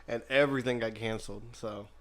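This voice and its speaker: Dry joking co-host, mid-pitched man. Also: steady tone, fairly quick, fairly bright tone. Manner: dry, wisecracking. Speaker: podcast co-host. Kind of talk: casual podcast chat.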